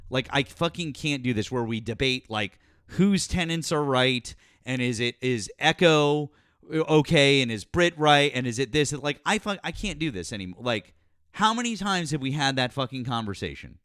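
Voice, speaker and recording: A man's voice: mid-range voice, expressive, normal speed, fairly bright tone, dry recording, studio quality. A man hosting a live political call-in stream, talking bluntly and cursing freely. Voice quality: blunt, profane, exasperated. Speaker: host.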